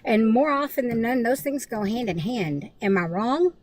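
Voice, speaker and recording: A woman guest on a livestream, talking in an animated, dramatic way over a call connection. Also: on the high side, normal speed. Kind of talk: casual livestream chat. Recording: noisy call line.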